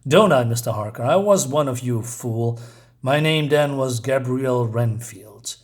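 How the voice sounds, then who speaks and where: A man's voice: medium pitch, expressive, a little slow, natural voice. A man voicing Renfield, a vengeful former vampire, reading his lines in a bitter, scornful way.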